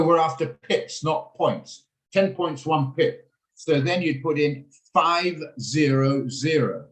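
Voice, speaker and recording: A man teaching a live online trading lesson over a video call. He talks quickly and walks through each step hands-on. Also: medium pitch. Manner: fast, hands-on step-by-step explaining. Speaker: trading instructor. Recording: echoey room sound.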